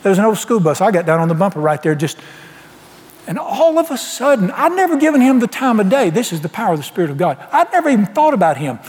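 A man's voice: sits high, lively intonation, fast talker, darkish tone, big-room sound. A man preaching a sermon, telling his story in a folksy way and acting out the dialogue.

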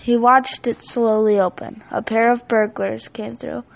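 High, gravelly woman reading a storybook. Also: unhurried, poor audio. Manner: steady, expressive read-aloud delivery. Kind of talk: reading a children's picture book aloud.

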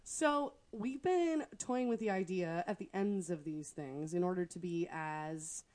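A woman co-hosting a podcast in casual chat, joking with dark humor and laughing often. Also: lowish voice, a little slow. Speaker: podcast co-host.

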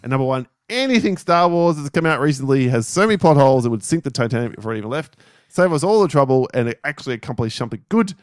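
A man co-hosting a podcast, reading out listener lists in casual, animated chat with frequent swearing and laughter. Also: medium pitch, quick pace, no room sound, studio quality. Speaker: podcast co-host.

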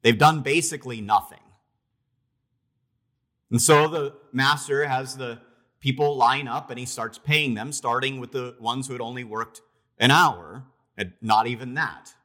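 A man preaching a sermon, retelling a parable in a conversational, storytelling way, with emphatic pauses and restarts. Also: mid-range voice, bright, forceful tone. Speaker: pastor.

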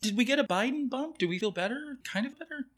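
A man's voice: very high-pitched, lively intonation, fast, fairly bright tone. A man co-hosting a podcast in casual comedic chat, campy and rambling. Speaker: podcast co-host.

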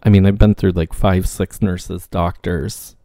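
A man telling a casual personal story, acting out the back-and-forth of the people in it with lively reactions. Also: deep voice, measured pace, no echo. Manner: animated, acts out quoted exchanges.

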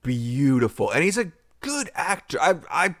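A man's voice: on the high side, sing-song, measured pace, a bit bright, dry recording, clean studio sound. A man co-hosting a podcast in casual chat, wry and joking with mock-dramatic asides. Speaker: podcast co-host.

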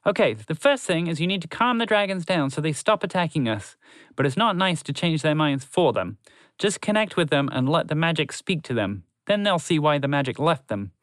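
A man's voice: a little high, big pitch swings, fairly quick, fairly bright tone, dry recording, pitched above the performer's own voice. A man voicing a cheerful, encouraging old grey male horse in a storybook reading. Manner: eager, upbeat coaxing.

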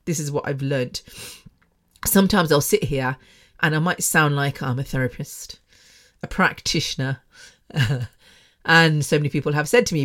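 A woman's voice: low-pitched, normal speed, pauses often, fairly bright tone. A middle-aged woman speaks into a microphone from her bedroom as the host of her own podcast. She rambles frankly and emotionally, laughing and restarting as she goes. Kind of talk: candid personal podcast monologue.

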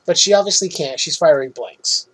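Podcast co-host, man, slightly raised pitch, breathy edge, lively recap with laughs. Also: normal speed. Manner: animated, laughs often, swears freely. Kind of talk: casual movie recap chat.

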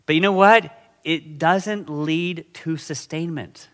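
A middle-aged man preaching a sermon in a conversational, animated way, often checking in with his listeners. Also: on the high side, slow. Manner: conversational, animated, frequent "okay?" and "right?" check-ins. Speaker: pastor.

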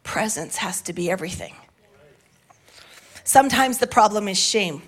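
A middle-aged woman pastor preaching a sermon in a church, passionate and building to shouts at the big moments. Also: medium pitch, lively intonation, normal speed. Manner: passionate, rising to shouts at climaxes. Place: church sanctuary with balcony.

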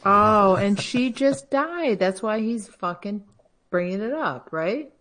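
A woman's voice: medium pitch, expressive, slow, fairly bright tone. A woman co-hosting a casual chat, talking freely and asking the others questions to keep it going. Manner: chatty, asks questions to steer the talk. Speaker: podcast co-host.

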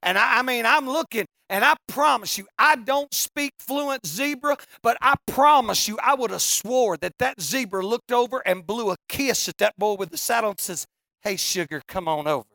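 A preacher telling a funny story in a sermon, folksy and animated, now and then breaking into shouts. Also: medium pitch, moderate pace, creaky, few pauses, no room sound, clean studio sound.

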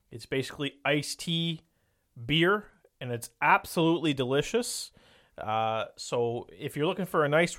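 A man's voice: fairly high pitch, a bit bright. A man from Canada co-hosting a podcast, chatting casually and dropping joking quips. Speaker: podcast co-host.

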